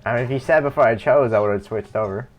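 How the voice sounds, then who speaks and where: Over soft background music, a young man chats casually on a live game stream, rambling, correcting himself, and chuckling as he plays. His voice sits at medium pitch and moves at a quick pace.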